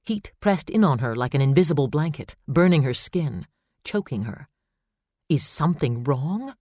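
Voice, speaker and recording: A man's voice: fairly high pitch, no echo, studio quality. Man narrating an audiobook thriller. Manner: steady, measured storytelling. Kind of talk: scripted narration.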